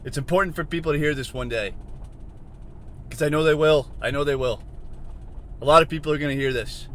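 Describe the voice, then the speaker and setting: A man hosting a solo podcast from inside a car, rambling and questioning himself, swinging from mutters to shouts. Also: fairly high pitch, fairly quick. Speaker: podcast host.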